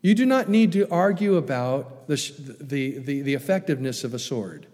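A man preaching a sermon, lively and animated, acting out the tempter's coaxing lines with rising emphasis. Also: medium pitch, moderate pace, long reverb tail. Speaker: pastor.

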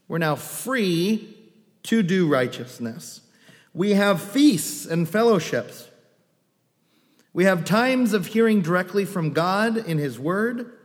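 A male pastor delivers a sermon with a fairly high voice, animated and playful, dropping wry asides between points. The sound carries the long reverb of a large hall. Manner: animated, joking asides and acted quotes.

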